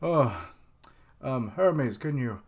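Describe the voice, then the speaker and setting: A man voicing a weary, worn-out war god who asks for a drink in a breathy, dazed way. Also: medium pitch, expressive, very slow, full character voice.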